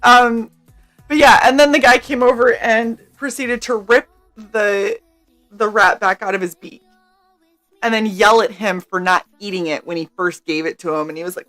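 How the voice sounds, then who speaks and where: Animated young woman telling a story. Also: on the high side, normal speed, soft background music. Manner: animated, laughing, swears freely, acts out quotes. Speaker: streamer co-host. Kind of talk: casual storytelling chat.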